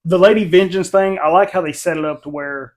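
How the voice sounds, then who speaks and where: Animated man chatting about a show. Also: high-pitched, brisk. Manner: animated, laughing, retells scenes. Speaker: reviewer, channel host. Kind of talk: casual chat.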